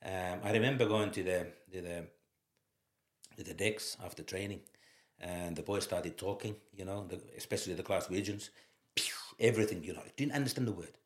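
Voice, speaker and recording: Low-voiced Finnish man telling stories. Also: fairly quick. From Finland. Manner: lively storyteller, laughs through his anecdotes. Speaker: former footballer, guest. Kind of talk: anecdotal interview storytelling. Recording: roomy echo.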